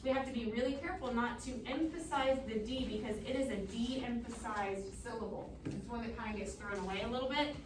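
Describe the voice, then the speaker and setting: A woman choir teacher with a high voice gives brisk, encouraging instructions and sings bits of the music to show how it goes. She sounds a good way off from the mic, and her voice rings around a reverberant rehearsal room. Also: noisy background. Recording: echoey room, mic far off.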